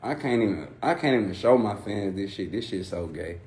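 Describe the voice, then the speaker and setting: A man's voice: lowish voice, lively intonation, a little fast, darkish tone. A man ranting heatedly on a livestream into a phone, mocking and swearing.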